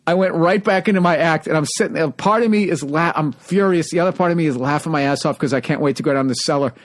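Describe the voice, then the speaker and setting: A man telling profane, animated stories in a casual comedy podcast chat, acting out quotes from the crowd. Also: fairly high pitch, fast talker.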